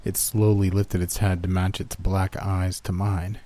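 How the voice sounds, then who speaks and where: A man narrating a first-person horror story in an even storytelling manner. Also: sits low, a little slow, few pauses, no room sound.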